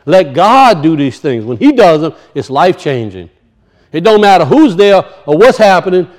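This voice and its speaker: A man preaching a sermon that teaches from a scripture passage, animated and often asking his listeners questions. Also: on the high side, moderate pace. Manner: animated, asks the audience questions.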